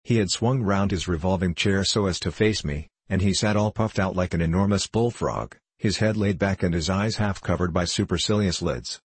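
A man narrates an audiobook in a measured, storytelling way. His voice is very low and husky. The recording is dry and close, with no room sound. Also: dry recording.

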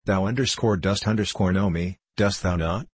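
A man plays an aging, dread king whose stern manner softens into slow, tender courtly speech. The voice sits low and husky. It is recorded dry and close. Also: no room sound. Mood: gentle, coaxing.

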